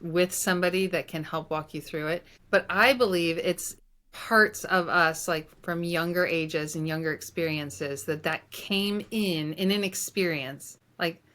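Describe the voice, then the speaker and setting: Soft-voiced woman telling a reflective story. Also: fairly low pitch, fairly even intonation, unhurried. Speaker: life coach guest. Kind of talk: conversational interview.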